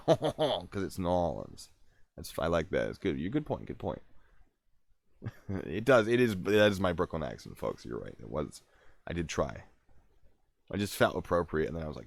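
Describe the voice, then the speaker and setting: A man reads true-crime snippets aloud on his livestream, breaking off to crack sarcastic jokes. His voice sits low but swings widely in pitch. The sound is close and dry, with no room around it. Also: sing-song, moderate pace, creaky, dry recording. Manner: reads out trivia with sarcastic, joking asides. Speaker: streamer reading stories. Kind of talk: casual livestream reading with asides.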